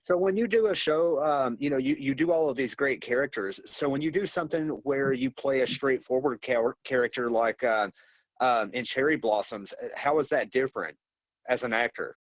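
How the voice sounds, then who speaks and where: A man interviews a guest in a casual live video chat, friendly and upbeat. His voice is mid-pitched and sounds dry and close, with no room echo at all. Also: normal speed.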